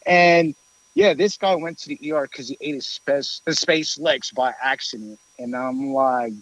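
A man telling a long story in casual chat, rambling with many fillers and lively quoted voices. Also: mid-range voice, measured pace, no room sound, rough recording.

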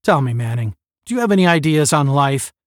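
A man voices a stern space academy captain with a deep voice. He barks short, clipped orders with cold sarcasm, his pitch jumping about. The sound is close and dry. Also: expressive, a little fast, no echo, lightly acted. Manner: barking, clipped commands.

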